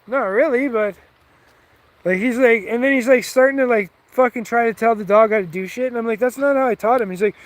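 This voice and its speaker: A man's voice: very high voice, a little fast, no echo. A man telling a rambling, heated story with lots of swearing, in a casual, offhand way. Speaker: vlogger.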